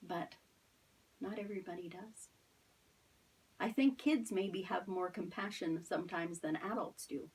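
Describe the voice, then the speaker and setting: A woman's voice: lowish voice, a little slow, long pauses, darkish tone, husky, distant mic. A middle-aged woman teaching a children's Sunday school lesson online. She tells a Bible story expressively and keeps asking the children questions.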